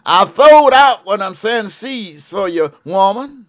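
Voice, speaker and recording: In a broadcast studio, a man in his seventies from Georgia pleads fervently as a televangelist prophet, his Southern accent strong. He speaks slowly, high-pitched with lively intonation, preachy and repetitive, returning again and again to "what I'm saying" and calling "yes ma'am, yes sir" to his audience.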